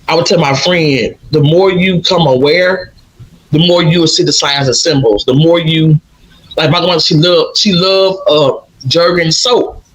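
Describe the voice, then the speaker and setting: A podcast host from with a raspy, slightly raised voice. He tells his stories with lively, looping restarts, in a casual chat with his guest. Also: on the high side, unhurried, poor audio. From Louisiana. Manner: animated, rambling storyteller with many restarts.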